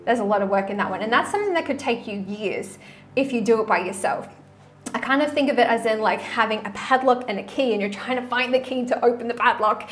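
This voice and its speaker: A woman coach talking casually to camera in a vlog, with a voice pitched a little higher than most. She speaks frankly and chattily and drops in mild swear words. Faint background ambience sits under her voice. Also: fast, slight background noise. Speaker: relationship and manifestation coach.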